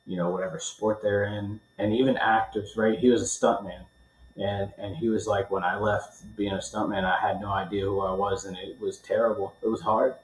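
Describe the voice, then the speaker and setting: A man hosts a podcast in casual conversation, affirming his guest and asking open questions with animated energy. His voice sits low, and the recording carries a noticeable roomy echo. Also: moderate pace. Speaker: podcast host. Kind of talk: casual interview chat.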